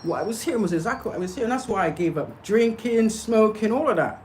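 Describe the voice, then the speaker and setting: A woman's voice: medium pitch, lively intonation, fast talker, a little mellow, slight background noise, low-quality recording. A woman talking straight to her livestream viewers, emphatic and insistent, often checking in with "okay?" and "yeah?". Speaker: spiritual livestreamer. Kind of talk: casual livestream monologue.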